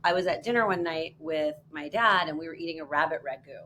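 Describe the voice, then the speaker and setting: A woman guest on a podcast, telling stories in a wry, relaxed way. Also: low voice, fast, slight background noise. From New York. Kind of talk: casual chat.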